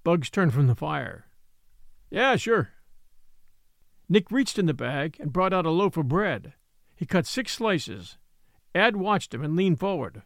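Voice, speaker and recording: Slow, measured male story narrator. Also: on the high side, very animated, creaky, dry recording, clean studio sound. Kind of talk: scripted literary narration.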